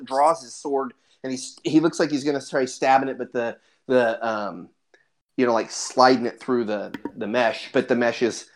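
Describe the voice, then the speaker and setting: A man narrating a tabletop game as game master, rambling with fillers and laughing often. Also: mid-range voice.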